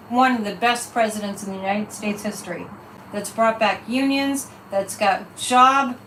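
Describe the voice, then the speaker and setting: On the high side and far from the microphone, this woman runs a psychic reading livestream. Her delivery is casual, animated and emphatic with repeated phrases, set in an echoey room with a little background noise.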